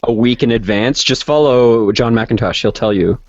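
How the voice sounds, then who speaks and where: A man's voice: mid-range voice, normal speed, darkish tone, no room sound. A man hosting a casual online group chat, talking bluntly and swearing freely. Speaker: channel host. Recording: dull lo-fi online call.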